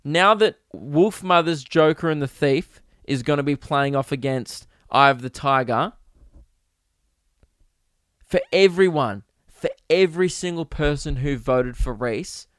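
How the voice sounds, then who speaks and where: A young man hosting a casual solo podcast, ranting with animated, profane mock outrage. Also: on the high side, unhurried, clean tone, no room sound, clean studio sound. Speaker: podcast host.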